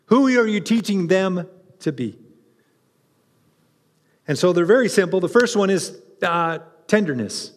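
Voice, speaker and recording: A man preaching a sermon, animated and conversational, with asides to the congregation. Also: sits high, a little slow, long pauses, in a large hall. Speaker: pastor.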